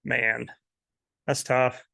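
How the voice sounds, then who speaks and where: Chatty male sports host from New York, mid pitch, dry close recording, interview banter. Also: little pitch movement, very slow, creaky, pushed and bright, no echo. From Syracuse, New York. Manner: chatty, laughs often.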